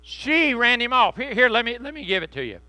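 A man preaching a sermon in a conversational, joking way, slowing down to stress key phrases. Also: extremely high pitch, big pitch swings, pushed and bright, no room sound. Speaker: pastor.

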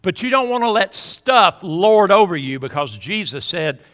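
A man preaching a sermon in a church, folksy and preachy, swinging between loud emphasis and hushed asides. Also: high-pitched, very animated, moderate pace. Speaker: pastor. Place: church sanctuary. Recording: reverberant church hall.

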